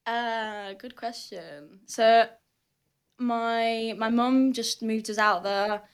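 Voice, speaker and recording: Her voice is a little high, very slow, and clean in tone. This twenty-something guest athlete from Hull, raised in southern Spain, speaks with a heavy Northern English accent, telling lively stories in a relaxed conversation packed with fillers.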